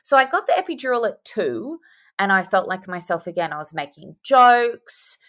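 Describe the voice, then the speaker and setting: A young woman, a podcast guest telling her story in a chatty, animated way over a video call. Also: medium pitch, moderate pace. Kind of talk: casual chat.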